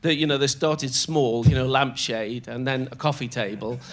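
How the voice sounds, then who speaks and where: An older man telling show-business anecdotes as a guest on stage, animated and often laughing as he slips into other people's voices. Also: mid-range voice, moderate pace, soft background music. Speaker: comedian guest. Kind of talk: storytelling anecdotes in conversation. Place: on stage in a theatre before a live audience.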